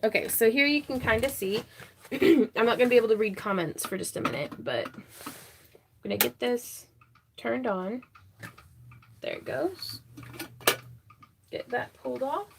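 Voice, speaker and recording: A woman's voice: fairly high pitch, lively intonation, moderate pace, vocal fry, heavy background noise. Chatty woman hosting a craft livestream. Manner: chatty, laughs often, reads chat comments aloud. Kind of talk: casual livestream chat. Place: home craft room.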